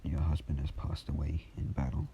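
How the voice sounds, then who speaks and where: A man's voice: a bass voice, flat delivery, normal speed, dark tone, lo-fi sound, a little hiss or hum. A man doing a grave military officer. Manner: grave, subdued delivery. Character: solemn adult male military officer.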